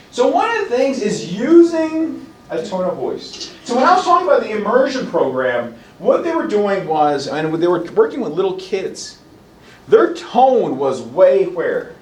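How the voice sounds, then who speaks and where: Animated male instructor in an echoey classroom. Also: high-pitched, slight background noise. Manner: animated, acts out parents and children in quick asides. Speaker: college instructor. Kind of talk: classroom lecture. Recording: roomy classroom heard from a distance.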